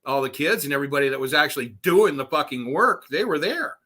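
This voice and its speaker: A man's voice: fairly high pitch, expressive, quick pace, pushed and bright. A man telling stories as a podcast guest, a profane, laughing raconteur. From Southwest Florida. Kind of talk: storytelling interview.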